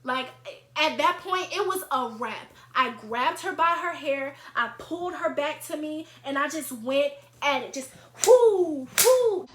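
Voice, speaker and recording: A young woman vlogger telling a storytime tale in an animated, chatty way. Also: high-pitched, measured pace, slight background noise. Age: young adult. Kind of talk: storytime vlog. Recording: echoey room.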